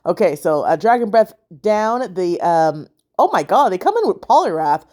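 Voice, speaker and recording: A woman talks through her game matches in a loose, chatty way, often unsure and thinking aloud with plenty of fillers. Her pitch moves up and down in a lively way. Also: moderate pace. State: sleepy, yawning. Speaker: gaming channel host. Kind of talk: casual gameplay commentary.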